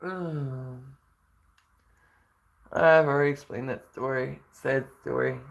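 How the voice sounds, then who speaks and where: Livestreamer, casual chat, slow drawl, gravelly fry, rambling with fillers. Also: medium pitch, steady tone, slight background noise, low-quality recording. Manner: rambling, hesitant, many fillers.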